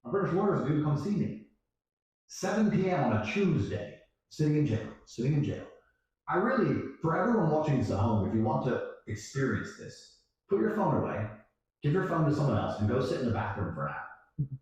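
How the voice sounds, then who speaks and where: A man telling a story in casual chat, profane and animated, acting out other people's lines. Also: fairly high pitch, brisk. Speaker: guest storyteller. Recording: echoey room, distant mic.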